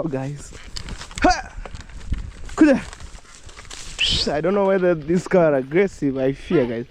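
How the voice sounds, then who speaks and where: Male vlogger, fairly high voice, slow unhurried talk, laughs a lot, outdoors on a farm, faint background noise. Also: very animated, a little mellow. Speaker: village life vlogger. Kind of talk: casual vlog talk to viewers. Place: outdoors on a rural farm with cows.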